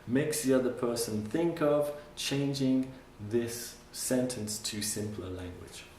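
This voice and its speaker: A male English teacher giving a classroom lesson, patiently repeating phrases slowly for his learners. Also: medium pitch, expressive, darkish tone, a little hiss or hum. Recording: roomy classroom sound from a distant mic.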